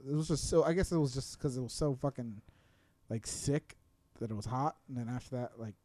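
A man's voice: mid-range voice, a little fast, dark tone, no echo. Crude rambling young man, dry sound. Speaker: podcast co-host. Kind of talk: casual crude chat. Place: apartment room.

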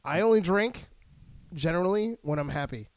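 A man in casual chat, defending himself between loud bursts of laughter. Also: high-pitched, lively intonation, normal speed, no echo.

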